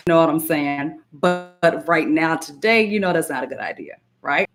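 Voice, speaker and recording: Low-voiced woman coaching a live stream. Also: normal speed, few pauses, faint music behind. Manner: emphatic, repeats phrases, greets chatters by name. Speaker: spiritual coach and hypnotist. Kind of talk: live-stream talk to viewers.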